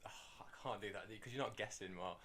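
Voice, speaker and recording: A man's voice: lowish voice, quick pace, crowd noise. A man hosting a podcast, chatting casually and explaining the rules of a game between laughs. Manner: laughing, teasing, bossy explaining. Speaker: podcast host. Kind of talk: casual chat, explaining charades.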